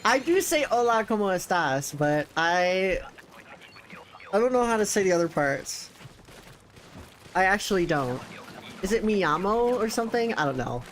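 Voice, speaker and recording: A young man chatting excitedly while streaming a video game, with sudden jumps in pitch. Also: normal speed, pauses often, slight background noise. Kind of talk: casual gameplay commentary.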